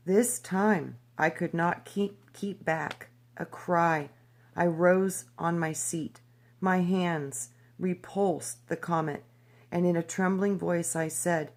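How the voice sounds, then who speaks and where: Woman reading old memoir out loud, low voice, takes her time. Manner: slow, even, steady reading with occasional stumbles on names. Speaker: reader. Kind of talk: reading a historical memoir aloud.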